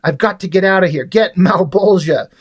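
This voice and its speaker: Guy reading out an angry brooding hell antihero, low and flat. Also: brisk, breathy edge. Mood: grim, angry.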